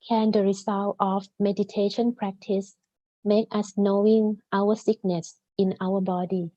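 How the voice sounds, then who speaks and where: A woman moderating a video call, reading out audience questions slowly and formally. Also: mid-range voice, little pitch movement, mellow, no echo, lo-fi sound.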